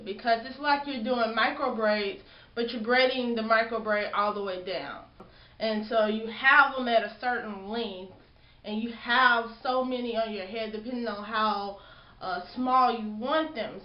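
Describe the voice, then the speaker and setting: A young woman chatting casually in a hair vlog, telling a story and acting out what people said. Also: on the high side. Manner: chatty storytelling, acts out quotes. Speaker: hair vlogger. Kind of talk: casual chat. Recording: roomy lo-fi home video.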